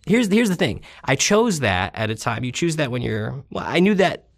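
A man's voice: mid-range voice, very animated, moderate pace, vocal fry, no echo, studio quality. A man in his thirties, an interview guest, telling rambling stories with self-deprecating humor. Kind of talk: casual storytelling interview.

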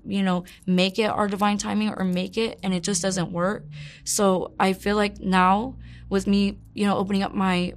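A woman in her twenties frankly telling her life story in an interview, rambling with many fillers and curse words. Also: mid-range voice. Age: 20s. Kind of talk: candid personal storytelling.

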